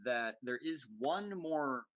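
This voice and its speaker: A man narrating as game master for a tabletop game, pausing often with ums and uhs. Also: medium pitch, animated, a bit bright, no room sound. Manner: halting, many ums and uhs.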